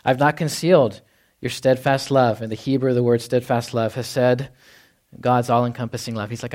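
A man's voice: mid-range voice, fairly even intonation, moderate pace, a little mellow. Conversational male pastor preaching. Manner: conversational, acts out quotes, frequent "right?". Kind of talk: sermon. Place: church hall before a congregation.

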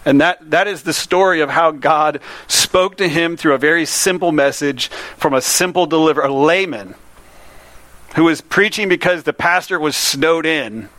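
A man's voice: a little high, fairly bright tone, no room sound. A man preaching a sermon to a congregation in plain, earnest words, posing direct questions to his listeners. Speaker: pastor. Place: room before a congregation.

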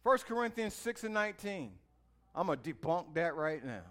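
A man with a high voice delivers a sermon, talking straight to his listeners in a folksy, chatty way. He moves from quiet, thoughtful asides to loud, drawn-out calls to praise. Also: very animated. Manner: swings from quiet musing to loud exhortation; folksy, speaks to the listeners directly. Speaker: preacher.

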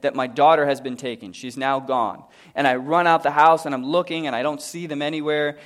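This pastor, an adult man with a young daughter, delivers a storytelling sermon at a live service, his voice sitting on the high side. He climbs to loud, forceful moments, sinks into quiet, hushed stretches, and then leads the congregation in prayer.

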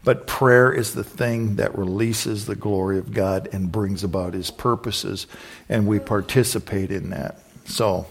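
Animated man preaching a story-driven sermon. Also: on the low side, unhurried, vocal fry. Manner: animated, bursts into loud exclamations.

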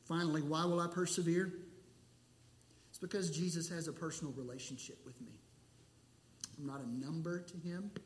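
Male pastor, high voice, earnest emphatic sermon, reverberant room. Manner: earnest, emphatic preaching with repeated rhetorical questions.

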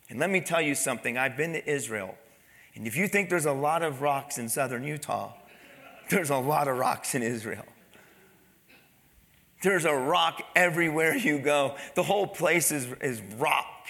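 Bright high-voiced preaching man. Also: moderate pace, long reverb tail. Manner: dramatic preaching, acting out crowd voices. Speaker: pastor. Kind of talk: sermon.

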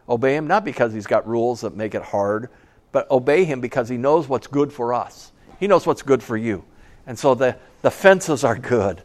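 Middle-aged male pastor, emphatic sermon delivery, repeats key lines, mid-pitched voice, folksy asides. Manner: conversational storytelling asides.

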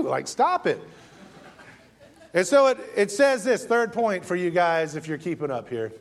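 A man preaching a sermon as a guest preacher, animated, and acting out quoted voices in a mocking tone. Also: sits high, normal speed.

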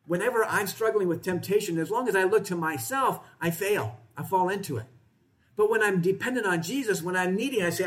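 Male pastor, slightly higher voice, conversational sermon delivery. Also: animated, moderate pace, fairly bright tone. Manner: conversational, asks the congregation questions. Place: church, in front of a congregation.

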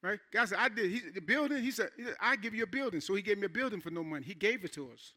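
Bright-voiced animated male pastor preaching. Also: high-pitched, racing. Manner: animated, conversational preaching with call-and-response asides. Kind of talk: sermon. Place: church.

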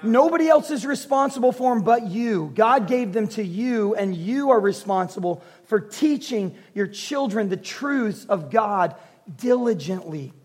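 High-voiced man preaching with humor. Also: lively intonation, a little slow, slightly rough. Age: 40s. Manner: humorous storytelling, earnest preaching. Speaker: pastor. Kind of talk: sermon.

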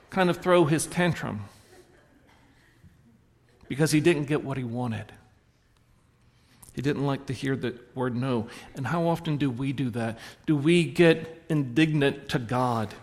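A man preaching in a church, telling stories and swinging between soft reflective moments and animated punchlines. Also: medium pitch, measured pace, long pauses, long reverb tail. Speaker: pastor. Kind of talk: sermon. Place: church sanctuary.

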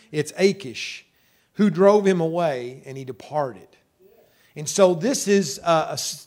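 US male pastor, high-pitched, folksy sermon delivery, repeats himself and says hallelujah often. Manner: folksy, repetitive, with frequent hallelujahs and amens.

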